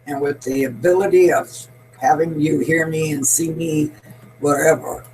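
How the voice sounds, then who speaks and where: A woman's voice: sits low, moderate pace, darkish tone, rough recording. An elderly woman in her eighties delivers an opinionated monologue as a show host. She talks bluntly and emphatically, rambling from point to point. A faint hum sits under her voice. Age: 80s.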